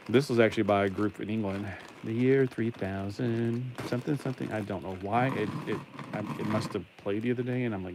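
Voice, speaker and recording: A man's voice: fairly low pitch, darkish tone, slight background noise. Rambling Southern man building live. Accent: mild Southern American. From American South. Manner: rambling, wordplay jokes, talks to chat while building. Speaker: livestream host. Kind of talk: casual live building chat.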